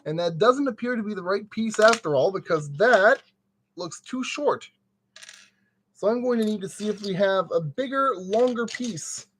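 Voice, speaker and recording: A man's voice: sits high, expressive, normal speed, a little hiss or hum. A man streaming as he builds a kit, muttering to himself with playful, goofy made-up exclamations, sweaty in the summer heat. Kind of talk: casual live-stream commentary.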